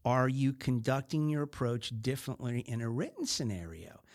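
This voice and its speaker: A man's voice: medium pitch, expressive. A man hosting a talk show on sales, talking casually and rambling, with many fillers and restarts. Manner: mimics other voices in quick snippets. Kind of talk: casual monologue.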